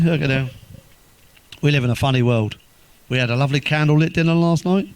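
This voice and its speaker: A man telling crude stand-up jokes, swearing constantly, delivering deadpan one-liners and laughing at his own punchlines. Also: medium pitch, dry recording. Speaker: comedian.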